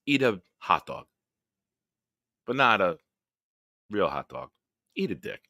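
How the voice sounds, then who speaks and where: Low-voiced guy ranting on a sports stream, swears a lot, voice all over the place, dry close sound. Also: big pitch swings, takes it slowly, sharp tone, dry recording. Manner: profane, heated ranting. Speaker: host. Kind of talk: live-stream sports rant and chat.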